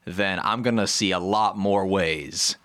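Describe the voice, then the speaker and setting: A man co-host speaks in a warmly encouraging, earnest way during a podcast chat. His voice is very deep and the recording is close and dry. He often drops in soft affirmations. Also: measured pace, dry recording.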